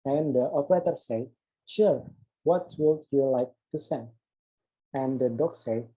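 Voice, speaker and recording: A young man, a student presenting an assignment, reads an interview script aloud, voicing both the host and the guest. He stumbles and restarts on words, speaking at a measured pace in a medium-pitched, warm, husky voice. The recording quality is low.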